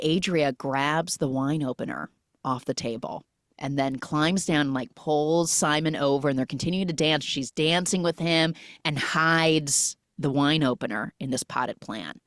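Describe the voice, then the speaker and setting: A woman with a low voice chattily retells a film plot on a casual podcast, animated and packed with "like"s. The sound is clean studio quality with no echo.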